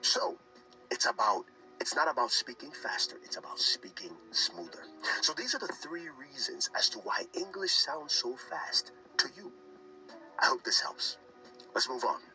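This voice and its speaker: A man teaching fast American English phrases, repeating each one for practice in an animated way. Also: mid-range voice. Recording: distant from mic with music behind.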